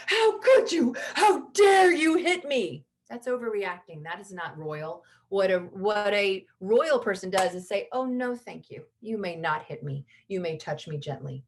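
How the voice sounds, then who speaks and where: A middle-aged woman coaching parents over a video call, teaching lively and acting out the lines a parent might say. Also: medium pitch. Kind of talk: online parenting workshop.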